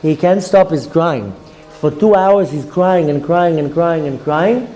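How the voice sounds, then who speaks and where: A rabbi tells a Torah story. His voice sits a bit high for a man, with a dark, mellow tone. He acts out what each figure says. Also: lively intonation, a little slow, faint music behind. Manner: storytelling, acting out characters' lines. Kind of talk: Torah lesson told as a story.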